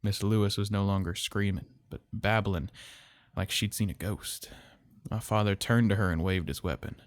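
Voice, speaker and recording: A man telling a horror story in slow, measured, somber narration. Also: on the low side, dry recording.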